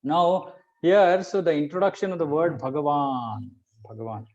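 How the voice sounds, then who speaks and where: Man, scripture teacher, higher voice, patient conversational explainer, dull lo-fi sound. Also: moderate pace, a little mellow. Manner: explains patiently, keeps checking in with "right?". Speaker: Bhagavad Gita teacher. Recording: muffled lo-fi recording.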